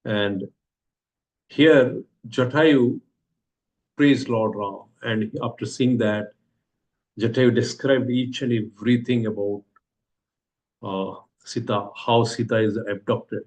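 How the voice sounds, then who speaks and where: Indian guy telling a scripture story in class, keeps asking what happens, lots of uh's, middle pitch. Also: fairly even intonation, takes it slowly, pauses often, darkish tone, lo-fi sound. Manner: repeats rhetorical questions, hesitant fillers.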